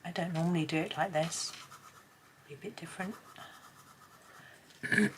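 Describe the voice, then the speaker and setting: A hoarse woman with a chatty, rambling manner talks casually while colouring, often dropping to a near whisper. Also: fairly low pitch, moderate pace, very noisy. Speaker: colouring channel host.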